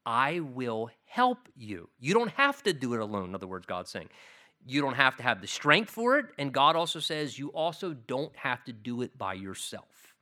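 A man's voice: mid-range voice, huge pitch swings, normal speed, pushed and bright. A man preaching an expository Bible sermon, earnest and repeating key phrases for emphasis. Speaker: pastor.

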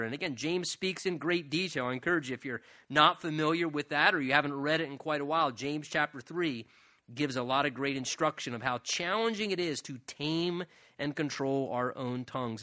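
Male preacher, high and bright voice, dry close sound, casual sermon delivery that keeps breaking into chuckles. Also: no room sound. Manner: conversational, paraphrases scripture in casual words, chuckles often.

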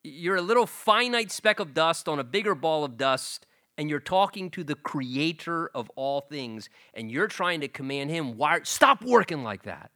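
An incredulous, exasperated God, put on by a preacher mid-sermon, pressing one rising question after another. The voice climbs high and stays bright and forceful, with wide swings in pitch. It plays as an almighty figure in disbelief at being told what to do. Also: male voice, big pitch swings, moderate pace.

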